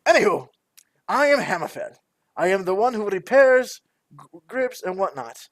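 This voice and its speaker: Hammerfell, a man playing a jovial male dwarf tinkerer, booming and raised in pitch, dry sound, for a tabletop game. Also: sing-song, normal speed, a bit bright, no echo. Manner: boisterous, jovial, calls people laddie. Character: cheery gruff male dwarf repairman.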